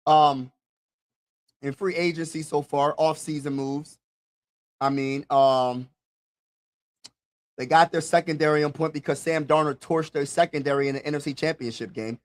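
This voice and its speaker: A young man hosting a live draft reaction stream, talking casually and excitedly straight to his viewers and repeating himself. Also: on the high side.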